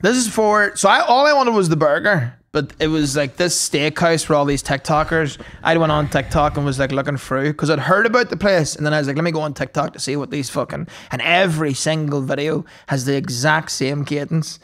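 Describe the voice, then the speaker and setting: A Northern Irish man co-hosting a podcast, telling a story in a lively way, swearing and acting out the quotes. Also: a little high, fairly quick, hardly any pauses. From Northern Ireland. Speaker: podcast co-host. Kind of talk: casual storytelling chat.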